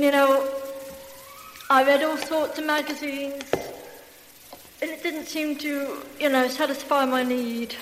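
A woman giving a church testimony, effusive and full of hallelujahs. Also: high voice. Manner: effusive, bubbling with hallelujahs and laughter. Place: large hall. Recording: echoey hall with faint hiss.

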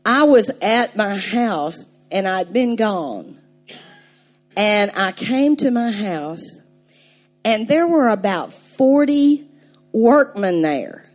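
An older woman preaching a sermon, telling a story with animated emphasis and laughing now and then. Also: medium pitch, takes it slowly, soft background music.

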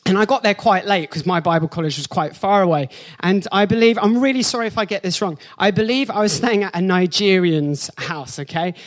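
A man, preaching a sermon and telling personal stories with animated, jokey reactions. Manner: animated storyteller, jumps into high excited voice for his own reactions; slows down and softens for the spiritual point. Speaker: pastor.

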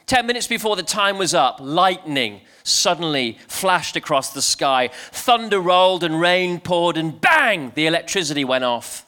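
A man's voice: fairly high pitch, measured pace, hardly any pauses. A man giving a playful family church talk, telling a joke and then coaxing the congregation to join in. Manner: lively, playful, coaxing the crowd. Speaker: preacher.

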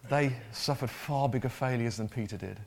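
Male preacher, mid-pitched voice, conversational sermon with repeated words and questions to the room. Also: moderate pace, vocal fry.

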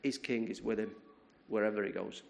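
A man preaching a sermon, retelling a story in a lively way, often repeating words and restarting his sentences. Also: lowish voice, a little fast, gravelly.

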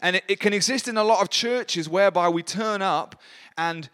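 A man's voice: high-pitched, normal speed, a bit bright, clean tone. A man preaching a sermon in a church service, earnest and encouraging.

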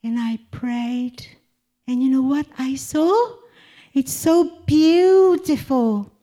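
A woman's voice: high voice, slow, mellow. A woman giving an emotional devotional testimony, fervent and tearful, often breaking into laughter. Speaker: speaker sharing a Christian testimony.

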